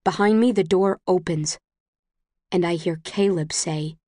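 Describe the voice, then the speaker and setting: A woman narrating a first-person audiobook in a measured, tense storytelling manner. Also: on the low side, mellow, no room sound, clean studio sound.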